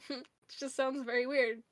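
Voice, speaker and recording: A woman co-hosting a podcast in casual chat, animated and laughing often, with lots of "like" fillers. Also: sits high, dry recording. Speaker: podcast co-host.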